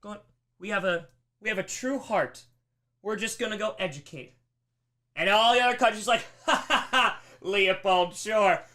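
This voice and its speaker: Young guy teaching history on stream, bright voice, rhetorical questions, acts out quotes. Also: high voice, normal speed, long pauses. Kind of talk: energetic classroom lecture. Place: streaming room.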